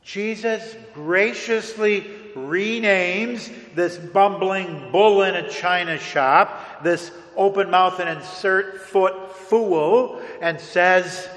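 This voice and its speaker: A man preaching a sermon as a pastor, earnest and deliberate, with dramatic pauses, recorded in a church sanctuary. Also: sits high, fairly bright tone. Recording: echoey hall with long reverb.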